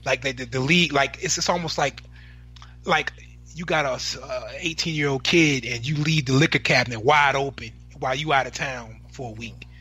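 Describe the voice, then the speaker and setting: A man in a heated sports debate who talks in a halting way, with frequent restarts and stammers. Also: medium pitch, sharp tone.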